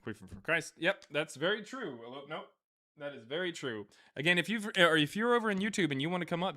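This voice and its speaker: Man, live-stream host, casual chat, rambling, lots of fillers, chuckles often, mid-pitched voice. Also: a bit bright. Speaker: live stream host reading viewer donations.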